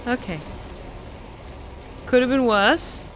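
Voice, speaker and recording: A woman's voice: on the high side, takes it slowly, slight background noise. A woman streamer chatting casually through live gameplay, thanking viewers by name. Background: music.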